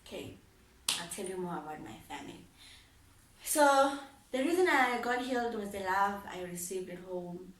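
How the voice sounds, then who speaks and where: A young woman vlogging about her life, animated and laughing as she acts out both sides of past conversations. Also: mid-range voice, normal speed, distant mic. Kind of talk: personal storytelling. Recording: roomy echo, voice set back from the mic.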